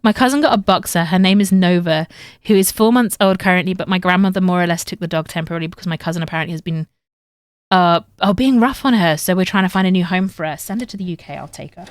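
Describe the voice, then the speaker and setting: A woman's voice: lowish voice, quick pace, no echo, clean studio sound. A young woman from England with a northern English accent, chatting casually with viewers on a sewing livestream. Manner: chatty, reads chat aloud and talks to viewers while sewing. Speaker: streamer.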